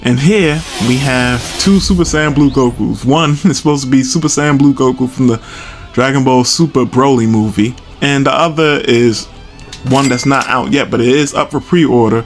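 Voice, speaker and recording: A man's voice: mid-range voice, normal speed. Casual male host with a mid-range voice, chatty and chuckling, faint music underneath. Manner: chatty, self-amused, chuckles often. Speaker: toy collector video host. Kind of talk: casual product walkthrough.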